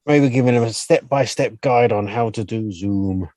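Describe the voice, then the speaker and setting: A man's voice: fairly low pitch, normal speed, mellow, no room sound. A man co-hosting a podcast in laid-back, casual chat, laughing easily. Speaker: podcast co-host.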